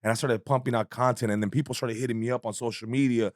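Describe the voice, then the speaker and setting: A man, telling an animated story as a guest comedian in a casual chat, swearing freely and acting out voices. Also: medium pitch, fast talker, no room sound, studio quality.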